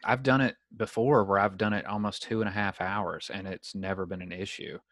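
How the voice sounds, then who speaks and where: A young man with a low voice hosts a podcast over a video call. He tells stories in a loose, animated way and acts out the voices of the people in them. The sound is dry and close. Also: brisk, dry recording. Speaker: podcast host. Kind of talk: casual storytelling chat.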